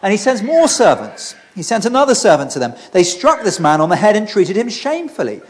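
A man delivers a sermon in an earnest, conversational tone. His voice sits high for a man, and he often restarts his phrases as he talks. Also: very animated, fairly quick. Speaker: preacher.

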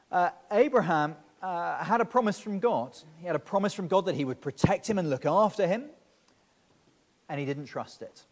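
A man preaching a sermon, speaking to the children directly and often repeating words as he starts phrases. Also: fairly high pitch. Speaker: pastor. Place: church. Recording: long reverb of a church hall.

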